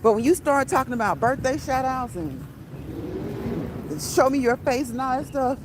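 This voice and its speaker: High-voiced woman chatting on a walk. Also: lively intonation, normal speed. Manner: playful, chatty, laughs often, talks to chat directly. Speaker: livestream host. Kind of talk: casual livestream chat while walking. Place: outdoors on a city street. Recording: outdoor street noise with traffic.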